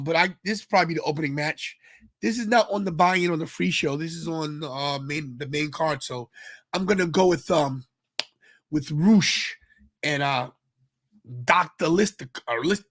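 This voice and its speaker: A man with a fairly high voice talks in a loose, rambling way, greeting viewers in the chat as he goes. He sounds tired and sleepy, chatting casually as host of his live stream. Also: unhurried, a bit bright. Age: adult with kids. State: tired, yawning. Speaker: podcast host.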